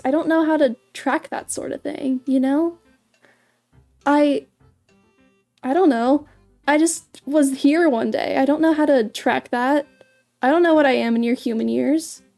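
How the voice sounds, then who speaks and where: A woman's voice: sits high, vocal fry, darkish tone. A woman streaming as a VTuber in a casual livestream chat, bubbly and giggly, often stumbling and repeating her words.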